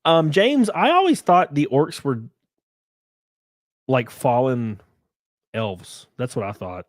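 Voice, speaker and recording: A man's voice: medium pitch, sing-song, slow, no room sound. A man with a Southern US accent chatting casually on a live stream, reading chat aloud, swearing freely and laughing often.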